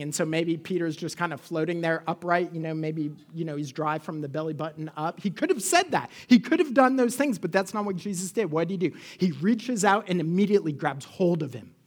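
A man preaching a sermon as a pastor. He speaks animatedly, asks the congregation questions and acts out the quotes he reads. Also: fairly high pitch.

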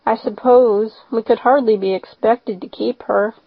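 A woman voicing a shy, gentle old farmer man who speaks slowly and haltingly. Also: fairly high pitch, steady tone, breathy edge, no echo. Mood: hesitant. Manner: slow, halting, reluctant. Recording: slightly dull lo-fi recording.

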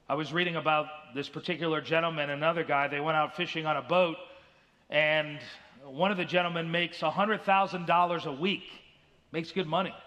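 High, bright-voiced man preaching in a big hall. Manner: earnest preaching, acts out quoted voices. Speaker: pastor. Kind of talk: sermon. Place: church sanctuary.

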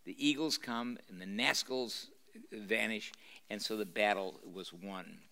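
An older man reads a novel passage to a gathered audience, leaning into the drama and breaking off to explain the scene. His tone is bright and forward. He restarts phrases and fills pauses as he goes. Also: lowish voice, vocal fry. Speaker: pastor reading a novel aloud. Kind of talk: live lecture reading with commentary. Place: university lecture room.

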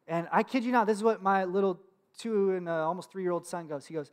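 High-voiced chatty pastor. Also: male voice, fairly even intonation, brisk, clear, resonant tone. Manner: conversational, chatty, with fillers and laughs. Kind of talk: storytelling sermon.

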